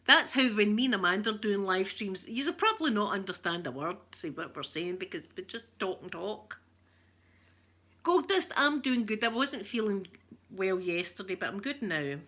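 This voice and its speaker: A woman's voice: medium pitch, big pitch swings, normal speed, pushed and bright. A Scottish woman chatting casually with livestream viewers, joking and laughing often in a broad local speech. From Scotland. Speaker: ASMR livestream host. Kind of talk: casual chat.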